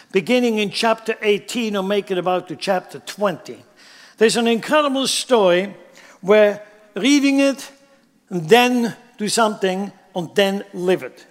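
Male pastor, higher register, emphatic sermon delivery with rhetorical questions, reverberant sanctuary. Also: a bit bright. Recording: long hall reverb.

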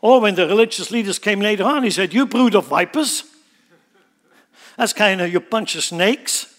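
A man's voice: high-pitched, animated, moderate pace, a bit bright. A man preaching a sermon, emphatically explaining scripture line by line. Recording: long hall reverb.

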